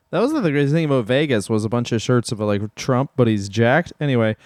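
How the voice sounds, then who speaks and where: A man's voice: medium pitch, expressive, normal speed, a little mellow, no room sound. Male comedy co-host, crude joker who laughs a lot, dry close mic. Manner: crude jokes, hammy impressions, laughs often. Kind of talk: casual comedic banter.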